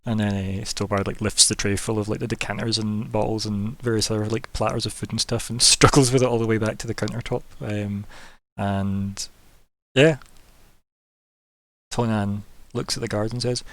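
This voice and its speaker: A man narrating a tabletop game as game master, loose and relaxed, with many fillers. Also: on the low side, normal speed, dry recording.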